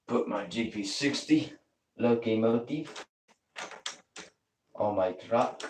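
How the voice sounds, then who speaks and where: Slow-talking playful hobbyist man. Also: mid-range voice, darkish tone, reverberant, distant mic, a little hiss or hum, rough recording. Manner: playful, jokey asides and nonsense words. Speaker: model train hobbyist. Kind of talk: casual running commentary while operating model trains.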